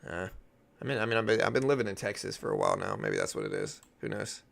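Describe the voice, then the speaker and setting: Gravelly trading streamer with faint Louisiana accent. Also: male voice, fairly low pitch, quick pace. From Louisiana, near New Orleans. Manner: relaxed, thinking aloud, answering chat. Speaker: day-trading livestream host. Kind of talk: casual live-stream chat.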